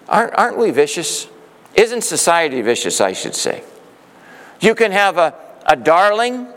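A man preaching a sermon, telling a story in a lively way and acting out the quoted voices. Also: on the high side, creaky, long reverb tail. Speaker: pastor.

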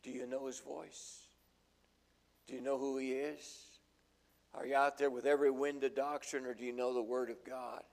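Gravelly older preacher. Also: male voice, medium pitch, flat delivery, moderate pace, darkish tone. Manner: folksy storytelling, acts out quotes. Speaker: pastor. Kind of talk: sermon.

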